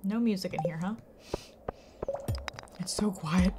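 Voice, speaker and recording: A woman's voice: medium pitch, a little slow. A woman chatting casually and giggling as she talks to viewers while playing a game on a live stream. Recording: game music playing behind the voice.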